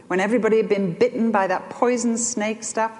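An older woman preaching a sermon, telling stories in an animated way that swings between loud and soft. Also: on the high side, fairly quick, a little hiss or hum. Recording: long hall reverb.

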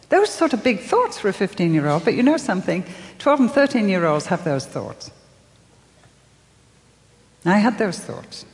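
An older woman giving a sermon, telling her story softly with dramatic pauses and acting out the voices she quotes. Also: mid-range voice, sing-song, long reverb tail. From England. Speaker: speaker.

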